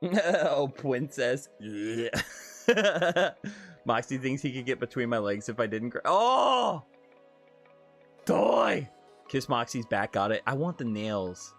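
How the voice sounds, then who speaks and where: A man's voice: medium pitch, takes it slowly, faint music behind. A man live-streaming casual chat, reading viewer questions aloud with giggly, profane banter.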